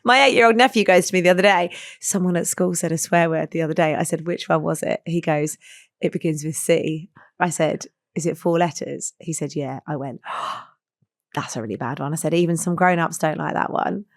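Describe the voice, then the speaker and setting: A woman's voice: low voice, fairly quick, no echo, studio quality. A British woman co-hosting a podcast, telling stories with frequent laughs. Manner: laughing, chatty storytelling. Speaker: podcast co-host. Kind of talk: casual chat.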